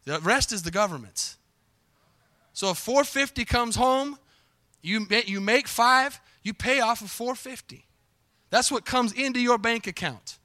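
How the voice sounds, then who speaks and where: A man preaching a lively sermon in a church, calling out to the congregation as he goes. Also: extremely high pitch, a little slow, no room sound. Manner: lively preaching with call-and-response asides. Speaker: pastor. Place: church sanctuary.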